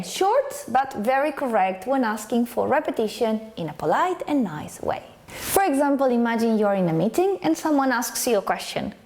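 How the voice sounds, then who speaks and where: A woman explains English expressions in a bright, high register. Her pitch moves a lot as she acts out each example line. She speaks clearly and with care, like a teacher showing you how to say it. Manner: clear, demonstrative, acting out example phrases. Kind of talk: scripted lesson narration.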